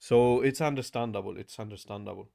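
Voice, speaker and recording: A man's voice: on the low side, a little fast, creaky, warm tone. Chatty man repeating words aloud. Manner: thinks aloud, repeats words, says "bro" often. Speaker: language learner vlogger. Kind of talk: casual study vlog.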